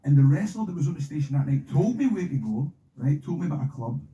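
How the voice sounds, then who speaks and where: A man's voice: a little high, fast talker, reverberant, muffled recording, slight background noise. A Scottish man telling stories and joking as a guest in a radio studio. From Scotland. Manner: joking, animated storyteller. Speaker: guest wrestler. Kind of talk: casual radio studio chat.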